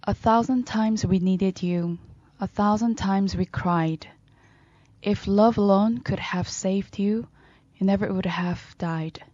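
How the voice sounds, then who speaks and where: Woman co-host reading a short poem careful and slow, mellow voice, dull dry sound. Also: medium pitch, dry recording. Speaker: radio show co-host. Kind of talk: poetry reading on a talk show.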